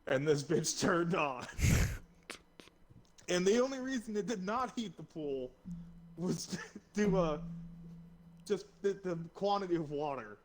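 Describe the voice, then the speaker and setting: A man's voice: high-pitched, expressive, measured pace, pauses often, slight background noise. A young man from Florida, co-hosting a casual drinking stream and rambling through stories with frequent laughs. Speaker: co-host.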